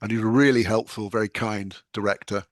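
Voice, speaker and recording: With a lowish, fairly quick voice, an older man with a British accent recounts stories as a guest novelist in an interview. He's lively and laughs a lot, and the studio recording is clean and echo-free.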